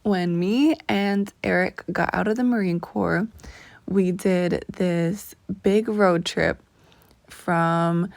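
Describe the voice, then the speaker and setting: A young woman from the southern United States telling casual, animated stories to camera, laughing often and acting out what her friend said. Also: takes it slowly, vocal fry, dry recording. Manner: animated, laughing, acts out quoted friends with high bright pitch. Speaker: vlogger.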